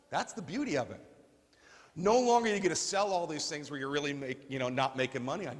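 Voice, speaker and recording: Male seminar trainer, higher-pitched, animated and jokey; reverberant hall sound. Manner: animated, jokey, emphatic teaching. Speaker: staffing industry trainer. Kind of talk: live marketing seminar talk.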